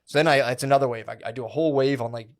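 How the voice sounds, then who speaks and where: A man's voice: medium pitch, racing. A man co-hosting a podcast, telling a long story in a rambling, profane, slangy way, full of "dude" and "like". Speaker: podcast co-host. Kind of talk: casual storytelling chat.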